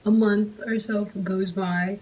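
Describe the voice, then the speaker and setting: Woman vlogger, storytime, mid voice, animated slangy delivery with big jumps on quotes. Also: medium pitch, takes it slowly, rough recording. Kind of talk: casual storytime vlog.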